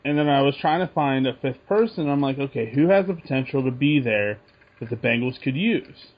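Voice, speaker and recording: A man's voice: mid-range voice, fairly quick. Laid-back man on a sports podcast. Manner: relaxed, thinking aloud with restarts. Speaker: podcast co-host. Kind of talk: casual sports podcast chat. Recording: muffled lo-fi sound.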